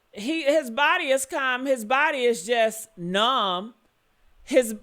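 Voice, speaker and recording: A woman giving heated, cursing reaction commentary on an interview, yelling at times. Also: high voice. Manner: angry, yelling and cursing, then apologetic.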